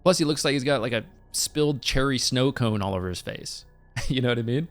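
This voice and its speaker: A man in his thirties hosts a casual movie review. He talks at a mid pitch for a man, and his delivery is animated and rambling, full of laughing asides. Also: brisk, faint music behind.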